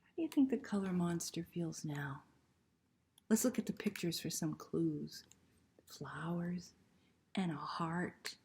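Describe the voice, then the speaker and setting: A woman librarian reading a picture book aloud to children, gentle and soft-spoken, often dropping into a hushed near-whisper and asking the children questions. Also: lowish voice, animated, moderate pace.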